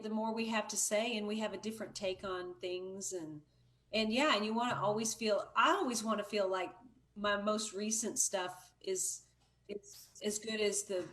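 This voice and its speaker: A middle-aged woman talking as a guest on a livestream, telling stories in a chatty, relaxed way. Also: medium pitch. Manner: chatty storyteller. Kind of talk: casual conversation.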